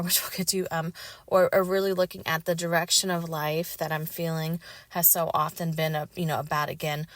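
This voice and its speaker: A woman's voice: fairly low pitch, no room sound. A woman hosting a solo podcast, talking reflectively in a rambling way with many fillers. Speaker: podcast host.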